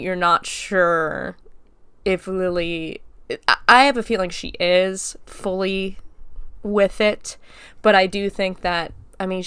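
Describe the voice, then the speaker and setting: A woman's voice: fairly low pitch, a bit bright, clear, resonant tone, no room sound. A woman hosting a podcast, casually recapping a movie scene by scene, chatty and swearing freely as she acts out the quotes. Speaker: podcast host.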